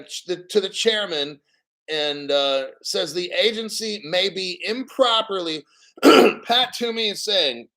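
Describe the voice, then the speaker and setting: Bright-voiced blunt man. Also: high-pitched. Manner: blunt, profane, rambling, reads out news. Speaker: crypto channel host. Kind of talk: casual live stream rant.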